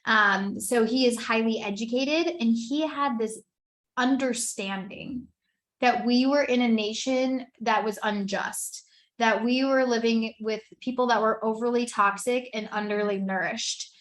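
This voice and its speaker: A woman's voice: fairly high pitch, measured pace, a bit bright. A woman in her thirties giving an earnest, conversational personal testimony as a wellness business presenter, with many "like" fillers.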